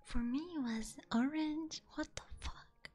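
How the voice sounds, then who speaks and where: A woman streams whispered ASMR role-play as a playful demon catgirl, teasing her chat in soft, giggly whispers on a binaural microphone. Her voice sits high and moves a little slowly.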